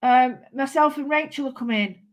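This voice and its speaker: A woman's voice: high-pitched, normal speed, rough recording. A woman giving a chatty live craft demonstration, rambling and giddy, talking to her viewers with lots of exclamations. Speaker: craft tutor.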